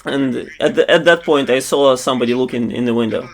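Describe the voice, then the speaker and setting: Male interview voiceover, mid-pitched, hesitant, full of fillers and restarts. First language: Russian. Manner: halting, with many fillers and restarts.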